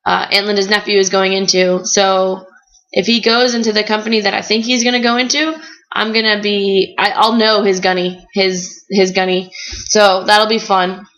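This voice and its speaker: A young woman chatting casually in a video blog, telling animated stories full of "like". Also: medium pitch, normal speed, dull audio. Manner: chatty, animated storytelling with frequent "like". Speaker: vlogger. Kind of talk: casual chat.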